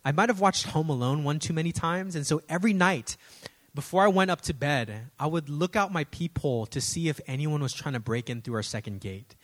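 A man in his thirties preaching a sermon, telling lively personal stories and calling his listeners y'all. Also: a little high, brisk. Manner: animated storytelling, addresses audience as y'all. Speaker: pastor.

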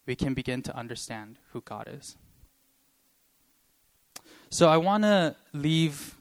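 A young man giving a sermon and sharing a personal story, talking earnestly and haltingly with many pauses, choked up with emotion. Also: a little high, expressive. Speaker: preacher.

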